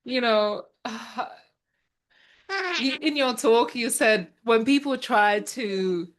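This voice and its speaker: A woman's voice: fairly high pitch, slow pace. A woman hosting an online awards ceremony, enthusiastically announcing a winner and affirming her over a video call.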